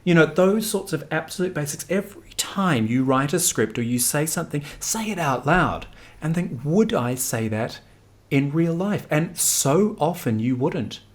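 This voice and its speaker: A man in his forties, a news anchor, talking in an interview in an animated, emphatic way, often correcting himself mid-sentence. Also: a little high, moderate pace. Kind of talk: conversational interview.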